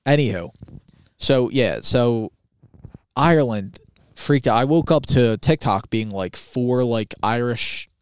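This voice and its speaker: A man's voice: mid-range voice, animated, slow, clean tone, dry recording, studio quality. Blunt, profane podcast man. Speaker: podcast co-host. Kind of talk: casual chat.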